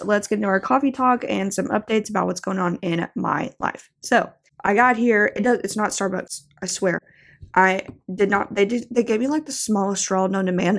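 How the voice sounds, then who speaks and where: A young woman hosting her own show, talking in a chatty, rambling way full of "like" and "y'all". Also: mid-range voice. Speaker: podcast host. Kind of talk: casual chat.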